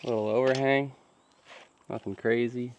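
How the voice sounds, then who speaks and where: A man's voice: medium pitch, fairly even intonation, unhurried, lo-fi sound, slight background noise. A man chatting casually while building a deck outdoors, joking and rambling to his viewers. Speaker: DIY cabin builder.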